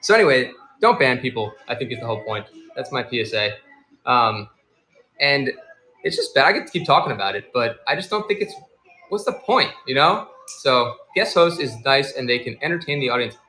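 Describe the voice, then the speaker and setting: Animated rambling man in an echoey room. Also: medium pitch, fairly quick, a little hiss or hum. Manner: rambling, animated storyteller acting out quoted people. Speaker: livestream seller and host. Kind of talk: casual live-stream chat.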